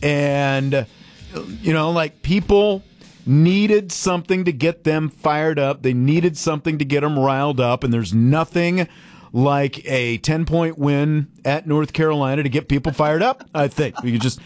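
Animated male sports radio host. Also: on the high side, a little slow, no room sound. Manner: animated, mildly sarcastic, rambling. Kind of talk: casual sports talk.

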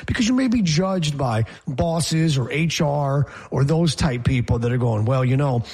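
A man co-hosting a casual talk show, telling jokey stories with a husky voice. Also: a little high, animated, a little slow, darkish tone. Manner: joking, storytelling. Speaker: co-host. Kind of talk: casual banter.

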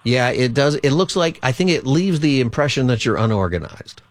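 A man's voice: medium pitch, lively intonation, moderate pace, no room sound. A man hosting a call-in radio talk show as a pastor, speaking in a chatty, rambling, conversational way.

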